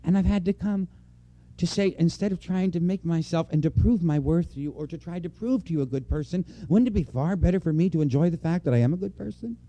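Male preacher, very dark mellow tone, earnest and personal, repeats key lines to drive them home. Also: fairly high pitch, fast talker, lo-fi sound. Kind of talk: conversational sermon. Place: church before a congregation.

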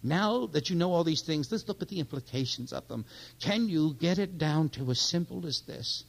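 A man giving a sermon, swinging from loud, urgent exhortation to hushed, confiding near-whispers, with stories full of quoted dialogue. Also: a little high, expressive, moderate pace, gravelly, rough recording. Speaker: minister.

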